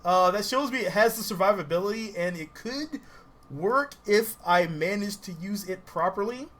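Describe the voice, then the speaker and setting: Man, game streamer from the Southern US, high, bright, very lively voice, laughs a lot, chats casually with his viewers. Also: normal speed. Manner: excitable, laughs often, greets chat viewers. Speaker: game livestreamer. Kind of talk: casual livestream commentary while playing.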